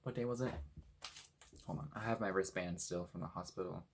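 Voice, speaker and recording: A young man from Washington State telling a story in a casual, animated way, swearing freely and acting out what people said. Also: deep voice, brisk, a little hiss or hum. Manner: animated, swears a lot, acts out quotes. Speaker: vlogger.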